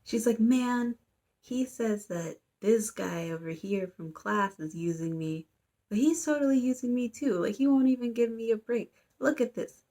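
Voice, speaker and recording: A woman's voice: medium pitch, slow, a little mellow. A woman quoting a flustered, earnest schoolgirl in a slightly raised, whiny voice. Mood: grumbling.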